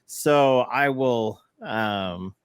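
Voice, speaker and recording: A man co-hosting a podcast, telling a rambling story in casual chat with many fillers and quick laughs. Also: medium pitch, smooth, no room sound, studio quality. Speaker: podcast co-host.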